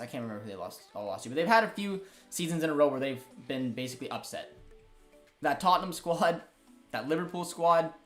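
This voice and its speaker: A young man hosting a live football watchalong, reacting to the game and reading chat with lots of fillers. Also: fairly high pitch. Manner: excitable, chatty, frequent fillers. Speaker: host of a football watchalong stream.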